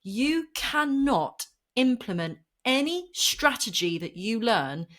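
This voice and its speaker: A woman's voice: on the high side, sing-song, slow, fairly bright tone. A woman, a property and mindset coach, talks passionately as a podcast guest, laughing and getting worked up as she makes her point. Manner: impassioned, emphatic, laughs often. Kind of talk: animated podcast conversation.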